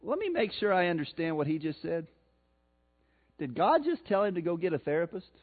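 A man with a Missouri accent preaching a sermon, swinging between loud emphasis and soft, slow passages. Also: high-pitched, very animated. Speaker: pastor. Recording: tinny phone-like sound.

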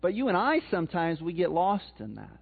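This pastor's voice is strikingly high, and his sermon comes out sing-song, brisk and creaky as he chats with the crowd and fires questions at them. Everything sounds tinny and thin, like a phone call.

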